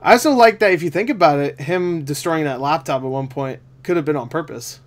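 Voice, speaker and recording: A young man chatting casually about a film he has just seen, with a fairly high voice. He laughs constantly and swears freely. He jumps into quick quoted voices to act out the scenes. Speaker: movie review host. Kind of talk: casual chat.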